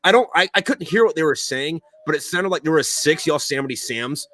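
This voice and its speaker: A man's voice: on the high side, animated, brisk, fairly bright tone. A young man telling profane war stories in casual chat, rambling with lots of fillers. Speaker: podcast host.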